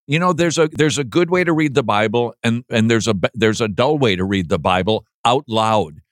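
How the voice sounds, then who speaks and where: A man's voice: mid-range voice, dry recording. Playful man on a dry mic. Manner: playful, mocks flat reading with droning voice. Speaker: podcast host. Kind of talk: casual chat.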